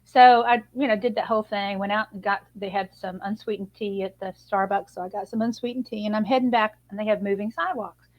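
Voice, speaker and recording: A woman guest, an image consultant and author, telling a lively personal story on a video call. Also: mid-range voice, quick pace, hardly any pauses, dull audio. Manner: chatty, animated storyteller with a laugh.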